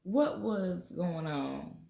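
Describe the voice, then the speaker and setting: A woman talks casually and bluntly to her livestream viewers, swearing freely. Her voice sits on the low side. The room around her is roomy and echoey. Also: expressive, drawn-out words, creaky, warm tone, slight background noise. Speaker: spiritual talk host.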